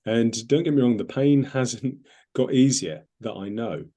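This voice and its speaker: A man's voice: medium pitch, measured pace, mellow. A man, a medium hosting a casual talk, speaking earnestly and reflectively with many fillers. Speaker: host, medium.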